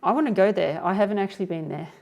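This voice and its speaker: A young woman hosts a livestream in a rapid-fire, mid-range voice that's gravelly yet a little mellow. She rambles casually, leans heavily on fillers, and reads viewer comments out loud.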